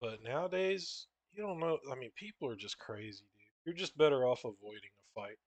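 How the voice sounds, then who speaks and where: A man's voice: mid-range voice, animated, fairly quick, dry recording. A young man, rambling casually and swearing while he draws a comic page and tells stories. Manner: rambling, profane, says "bro" and "dude" a lot. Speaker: comic artist drawing on stream. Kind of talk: casual storytelling while drawing.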